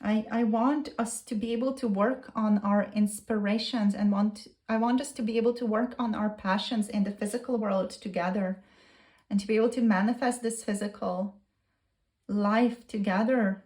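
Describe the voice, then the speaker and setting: A woman's voice: mid-range voice, steady tone, normal speed, a little mellow. A woman tarot reader speaking a channeled message in the first person, earnest and gushing, repeating herself.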